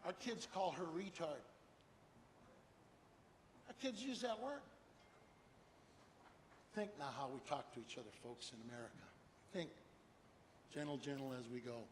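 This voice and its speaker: An older man giving a humorous motivational keynote speech, animated storytelling and rhyming slogans. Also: fairly high pitch, measured pace, long pauses. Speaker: keynote speaker. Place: large hall with an audience. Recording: echoey hall, faint noise.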